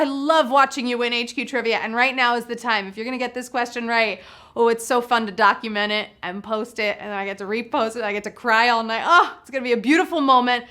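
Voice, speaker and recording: A woman's voice: fairly high pitch, brisk, sharp tone, soft background music. A woman hosting a live trivia game show, exuberant and playful, joking with the players as she reads out questions and answers.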